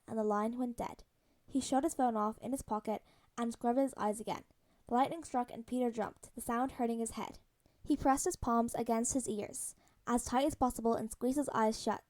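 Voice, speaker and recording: A woman narrating a story aloud as a podfic, her voice fairly high yet mellow and warm. She reads in a soft, even storytelling manner, steady from line to line. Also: a little fast. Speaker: podfic reader. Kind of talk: audiobook-style fan fiction reading.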